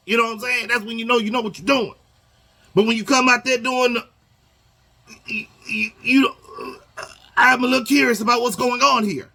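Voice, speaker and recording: A man's voice: extremely high pitch, steady tone, moderate pace, creaky, pauses often, sharp tone. A man speaking casually to union members in a video, emphatic and repetitive, drilling his points home with a questioning "okay?". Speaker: union organizer addressing members. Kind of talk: casual talking-head video lesson. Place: Houston area.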